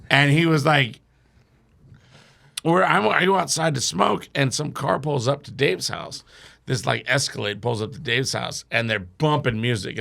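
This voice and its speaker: Brief: gravelly male storyteller, profane, animated guest. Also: mid-range voice. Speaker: podcast guest. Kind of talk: comic storytelling.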